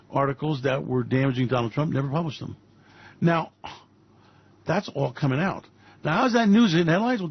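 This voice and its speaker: A man's voice: on the high side, slightly rough, no echo, lo-fi sound. A man hosting a radio show, giving fiery, mocking commentary on politics and finance with repeated punchlines. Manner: ranting, mocking, repetitive punches.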